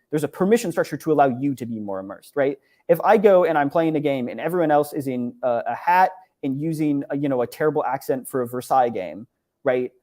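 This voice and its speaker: Casual young man presenting, mellow voice. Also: medium pitch. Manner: casual, filler-heavy, many "right?" and "like". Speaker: conference presenter. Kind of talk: presentation over slides. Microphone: online talk, computer mic.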